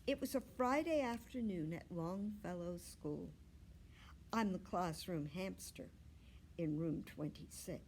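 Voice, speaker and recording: Woman librarian, children's read-aloud, slow clear storytelling, faint noise. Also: on the low side, a little mellow.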